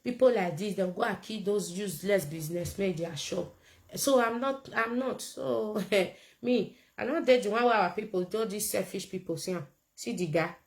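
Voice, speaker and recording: A woman's voice: mid-range voice, normal speed, low-quality recording. Blunt Nigerian woman ranting to camera. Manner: emphatic, blunt, repeats points. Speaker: political commentator. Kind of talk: casual political rant to camera.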